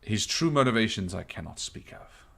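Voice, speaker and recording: A man voicing a stern, guarded army captain who speaks in a measured, grave way during a tabletop game. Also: lowish voice, lively intonation, gravelly, sharp tone, exaggerated voice.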